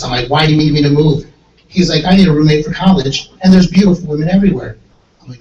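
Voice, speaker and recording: A high-voiced man doing a stand-up set through a handheld mic in an echoey gun store space. He tells stories with lots of energy and bounces into squeaky voices for the people he quotes. The sound is a little distant, with a faint hiss behind him. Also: fast talker. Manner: animated storyteller, jumps into high voices for quoted characters. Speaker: stand-up comedian. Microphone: handheld microphone.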